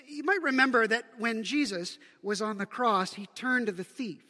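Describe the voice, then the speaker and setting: A man's voice: very high-pitched, normal speed, few pauses, bright, forceful tone, in a large hall. A man from Canada preaching a sermon as pastor, conversational, asking the congregation rhetorical questions.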